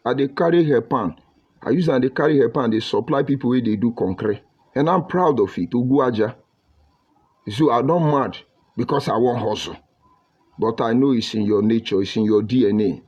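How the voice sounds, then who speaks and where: A man's voice: medium pitch, a little mellow, muffled recording. Combative Nigerian man on a livestream. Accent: Nigerian English with Pidgin. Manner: combative, mocking, preachy. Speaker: livestream commentator. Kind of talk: live broadcast reading viewer comments.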